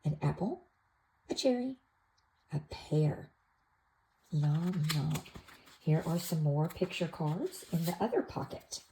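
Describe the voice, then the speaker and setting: A woman gently showing an activity book to toddlers, naming pictures in a soft, sing-song way. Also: low-pitched, animated, takes it slowly, pauses often, slight background noise, low-quality recording. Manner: soft, sing-song, with playful animal sounds. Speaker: toddler class teacher. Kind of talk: slow, gentle show-and-tell for toddlers.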